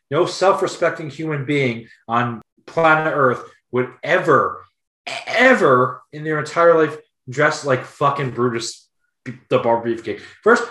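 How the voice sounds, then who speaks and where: A man's voice: medium pitch, a bit bright. Swearing joking podcast guy, echoey. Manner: profane, riffing jokes. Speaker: podcast co-host. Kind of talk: casual comedic chat. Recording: roomy echo.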